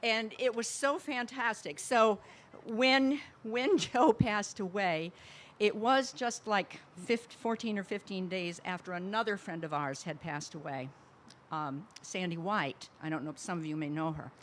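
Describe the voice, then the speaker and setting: A woman's voice: mid-range voice, measured pace, hardly any pauses. A woman speaks at a memorial service and remembers a friend in a reflective, rambling way. She laughs fondly as she recalls her. Faint noise sits behind her voice. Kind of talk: personal eulogy.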